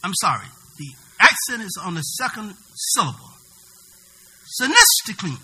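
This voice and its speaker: Male preacher, high, bright, animated voice, shouts at peaks, faint mains hum in the recording. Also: moderate pace. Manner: preaching with sudden shouted peaks and call-and-response questions. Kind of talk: sermon.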